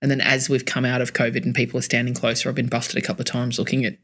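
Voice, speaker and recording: A man with an Australian accent, co-hosting a podcast in casual chat, telling animated stories, swearing freely and laughing often. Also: medium pitch, rapid-fire, husky. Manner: animated storyteller. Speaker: podcast co-host.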